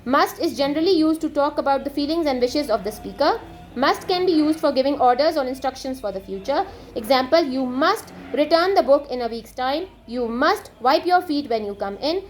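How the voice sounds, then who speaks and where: A woman teaching an English textbook lesson, reading items aloud and explaining them in a steady, methodical way. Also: sits high, moderate pace, soft background music.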